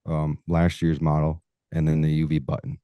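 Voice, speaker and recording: Deep-voiced casual man. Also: completely flat delivery, normal speed, smooth, no room sound, highs cut off. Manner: casual, swears freely, acts out stories. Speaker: podcast guest, hunting show host. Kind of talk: casual interview chat.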